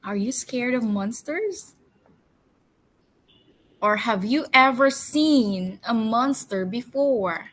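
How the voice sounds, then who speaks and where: A woman teacher runs a storytelling lesson for young children, her voice sitting a little high and ringing bright. She speaks very slowly, with cheerful coaxing questions, and has the class repeat each word after her. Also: lively intonation, low-quality recording. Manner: drills words with slow call-and-response repetition. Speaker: English teacher.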